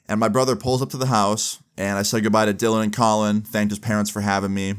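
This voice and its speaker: A young man with a somewhat low voice tells a story from his own life. His delivery is relaxed and chatty, peppered with "like," and he slips into the back-and-forth of the people he is quoting. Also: fast talker, clean tone. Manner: laid-back storytelling full of "like" fillers, acting out quoted dialogue. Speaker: storytime vlogger. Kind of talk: casual storytime narration.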